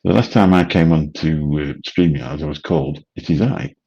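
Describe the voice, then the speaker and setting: Man, late 50s, livestream host; husky, very deep, chatty and rambling. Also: normal speed, dark tone, muffled recording. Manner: rambling, chatty, swears casually. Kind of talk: late-night livestream chat. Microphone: studio mic through a mixer.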